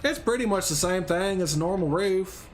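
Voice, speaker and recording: A man's voice: high-pitched, expressive, moderate pace, faint music behind, pitched above the performer's own voice. A man putting on a Southern US accent to voice a folksy, boastful country man while livestreaming a game. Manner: drawling, folksy, bragging. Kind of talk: joking character voice during a gaming livestream.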